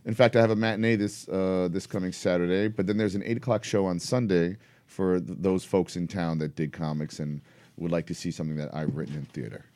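A man in his fifties, a guest playwright, chatting casually in a relaxed, hesitant way. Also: low-pitched, fairly quick. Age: 50s. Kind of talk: casual chat.

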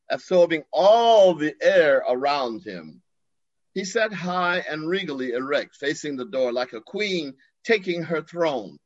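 A man's voice: a little high, dry recording. Older guy on a video call from his porch, storytelling all dramatic, dull dry audio. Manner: expressive, theatrical. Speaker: guest. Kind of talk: storytelling in an interview. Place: home porch.

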